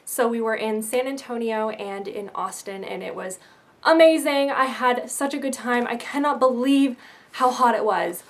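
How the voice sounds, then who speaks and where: A woman's voice: on the high side, normal speed, hardly any pauses. A bubbly young woman from Canada chatting through a shopping haul in a casual vlog, joking at her own expense. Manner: bubbly, chatty, self-mocking. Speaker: beauty vlogger.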